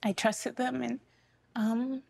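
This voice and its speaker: A young woman sharing a personal testimony, emotional and tearful, talking haltingly with many fillers. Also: a little high, level tone, gravelly, darkish tone, dry recording.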